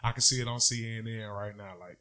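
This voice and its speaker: A man co-hosting a casual podcast, telling a story in a loose, profane and animated way. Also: lowish voice, a little fast, crowd noise. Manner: profane, animated storytelling, loud when riled. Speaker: podcast co-host.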